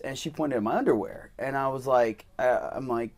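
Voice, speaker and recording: A young man hosting a casual podcast interview, telling animated stories and acting out quoted voices. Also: mid-range voice, fairly quick. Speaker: podcast host and male dancer.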